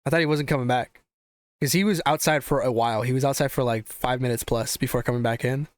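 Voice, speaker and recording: A young man hosts a casual podcast, spinning a rambling, swear-filled story with lots of restarts. His voice is smooth and resonant at a middle pitch. The sound is dry and close, with no room echo. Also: fast. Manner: profane, animated, rambling with restarts. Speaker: podcast host.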